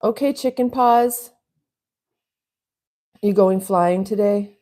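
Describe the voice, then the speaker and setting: Mellow-voiced woman chatting on a live stream. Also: mid-range voice, takes it slowly. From US West Coast. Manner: rambling, chatty, laughs often. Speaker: livestream host reading chat. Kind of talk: casual live chat.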